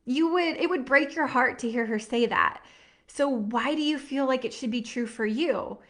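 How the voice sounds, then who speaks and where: A woman in her thirties leads a live workshop, her high voice earnest and heartfelt. She talks in a chatty, encouraging way and leans on casual fillers as she goes. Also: moderate pace. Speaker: workshop host and nutrition coach.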